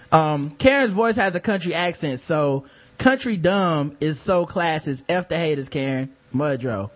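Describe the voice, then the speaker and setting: A man hosting a podcast, chatting casually with a blunt and profane edge. His voice sits a little on the high side for a man, and he talks in an animated way. He swears freely as he riffs on listener mail. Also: a little slow. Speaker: podcast host. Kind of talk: casual chat.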